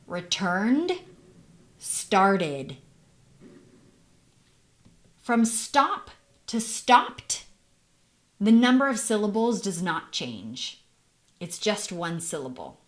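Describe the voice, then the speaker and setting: A woman teaching an English pronunciation lesson at a slow, deliberate pace. She models each word ending carefully and repeats it. She often turns to the learner with questions. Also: mid-range voice, fairly bright tone.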